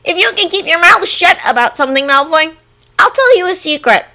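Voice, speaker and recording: A woman voicing a squeaky, startled young wizard. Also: fairly quick, heavily acted. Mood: startled, earnest. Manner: high, excited exclamations. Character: flustered young wizard man, earnest and easily startled. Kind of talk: fan audiobook reading.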